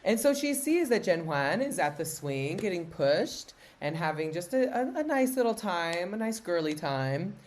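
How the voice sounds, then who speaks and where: A woman's voice: lowish voice, big pitch swings, normal speed, hardly any pauses. A young woman co-hosting a podcast, recapping a TV drama in playful, gossipy casual chat. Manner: playful, gossipy, bursts into campy impressions. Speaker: podcast co-host.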